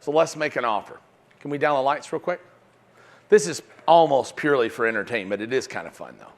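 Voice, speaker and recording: A man teaching sales at a live seminar in front of an audience. He talks in an animated way and keeps checking in with "right?". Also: mid-range voice, fairly quick, slight background noise. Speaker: sales trainer.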